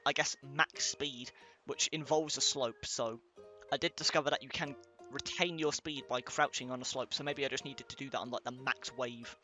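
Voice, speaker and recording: Man, bright sharp tone, mid pitch, rambling casual gameplay commentary. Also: fairly even intonation, normal speed, few pauses, soft background music. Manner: rambling, many "like" fillers, thinking aloud. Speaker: let's player.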